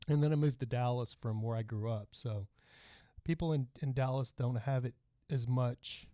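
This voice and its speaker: A middle-aged man with a soft Texan twang hosts a casual livestream podcast, rambling along and reading out comments from viewers. His voice is mellow and dark. The sound is dry and close, with no room echo. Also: mid-range voice, normal speed. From Texas. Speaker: podcast host.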